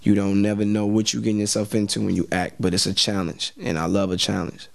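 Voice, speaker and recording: Here the American rapper-actor guest talks in a creaky, lowish voice with little pitch movement and a quick pace, with no room sound. It's casual interview chat, laid-back and full of slang, and he often repeats words as a sentence gets going.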